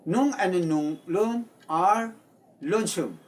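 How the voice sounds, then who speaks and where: Slow and high-pitched, the Meitei-speaking teacher goes through his lesson step by step, going over each point again. The channel host's voice is picked up from far away from the microphone.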